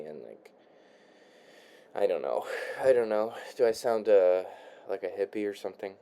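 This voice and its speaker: Low-voiced young man rambling nostalgically. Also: animated, gravelly, dark tone, clear, resonant tone. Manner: halting, repeats words, sighs, swears casually. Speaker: vlogger. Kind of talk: rambling casual monologue while crafting. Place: his room.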